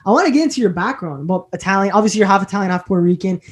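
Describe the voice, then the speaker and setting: A man's voice: high voice, animated, rapid-fire. A man hosting a casual interview show, asking long, rambling questions full of fillers. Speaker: podcast host.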